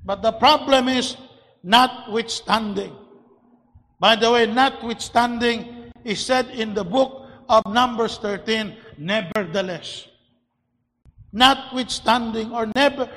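A man preaching a sermon, rising from quiet talk into shouted emphasis and often restarting words as he builds his points. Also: very high voice. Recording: long hall reverb.

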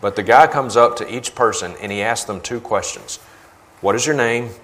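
A man's voice: medium pitch, normal speed, a bit bright. A man preaching as a guest speaker, indignant and emphatic, repeating phrases for force. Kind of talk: sermon with video commentary.

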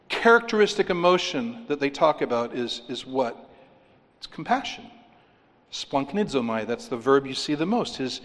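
A pastor delivers an emphatic sermon, his fairly high voice rising on key points and dropping quiet to press others home. A long reverb suggests a large hall.

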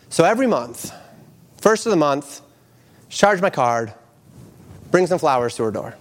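A middle-aged man preaching a sermon as a pastor. His voice sits fairly high, and he speaks earnestly. He slips between quoted scripture and animated stories from everyday life. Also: fairly quick, long pauses.

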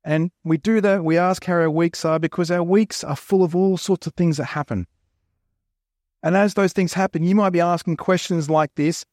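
A man's voice: high voice, fairly even intonation, normal speed, darkish tone, dry recording, clean studio sound. A man with an Australian accent preaching a sermon, telling stories and jokes in a chatty, conversational way. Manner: chatty, joking storyteller. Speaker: pastor.

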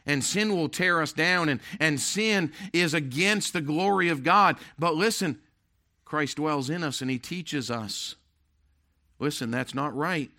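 Pastor, male, mid-high bright voice; emphatic preacher, loud-to-hushed swings. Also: a little slow. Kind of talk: sermon.

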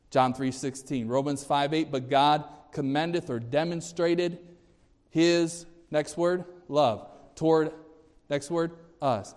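A man's voice: fairly even intonation, a little mellow. A man preaching a sermon to a congregation as their pastor. He is emphatic, quizzes his listeners with questions, and restarts and repeats words. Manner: emphatic, often rising in pitch and volume, quizzing the congregation; repeats and restarts words, measured and deliberate in places. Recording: long hall reverb.

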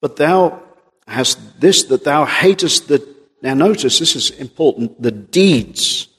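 Husky-voiced preacher in a reverberant hall. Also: male voice, on the high side, expressive, slow pace, a bit bright. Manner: earnest, emphatic, quotes King James scripture. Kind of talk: sermon. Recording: long reverb of a large hall.

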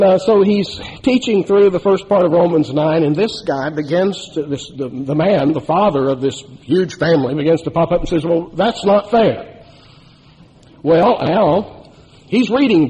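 A man's voice: fairly high pitch, mellow, husky. A man preaching a sermon, telling a story and building to emphatic, rising climaxes. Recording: long hall reverb.

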